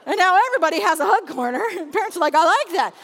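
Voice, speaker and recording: Animated woman telling church stories. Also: extremely high pitch, rapid-fire, in a large hall. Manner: animated, laughing anecdotes. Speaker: children's ministry speaker. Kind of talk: storytelling talk.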